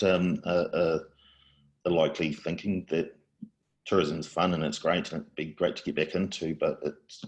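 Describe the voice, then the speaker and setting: A man's voice: deep voice, darkish tone. A man speaking as a podcast guest, hesitant, with many fillers and restarts. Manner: hesitant, lots of ums and restarts. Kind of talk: casual conversational interview.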